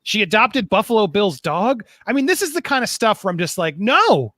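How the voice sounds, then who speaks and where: A man's voice: high voice, expressive, brisk, fairly bright tone, no echo, studio quality. A man in casual podcast chat, sarcastic and exasperated.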